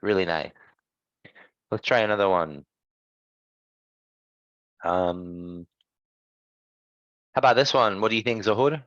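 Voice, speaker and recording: A man teaching English pronunciation in an online lesson, patient and encouraging, gently correcting his students. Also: lowish voice, slow pace, pauses often, no echo, dull audio.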